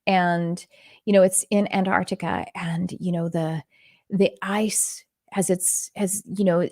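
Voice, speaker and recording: A woman's voice: on the low side, dark tone, dry recording, studio quality. A woman from Texas with a faint Texan accent, teaching about spirits in a casual, rambling way with many fillers and restarts. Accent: Texan, mostly faded.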